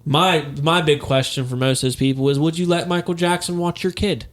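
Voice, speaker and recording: A young man with a slightly high voice co-hosts a crude, casual podcast. He jokes with sarcastic dark humor and laughs often. His talk is loose and conversational. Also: steady tone, a little fast. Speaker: podcast co-host.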